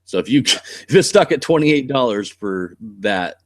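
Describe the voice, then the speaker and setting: A man's voice: medium pitch, lively intonation, a little slow, dry recording, clean studio sound. A man with a West Coast American accent chatting casually on a live stream as the channel host, blunt, rambling and cursing freely.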